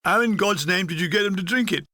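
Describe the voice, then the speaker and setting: Man doing a gruff army gunner, blunt, grumbling, brighter higher voice, close dry sound. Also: fast, no echo. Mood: dry scoffing.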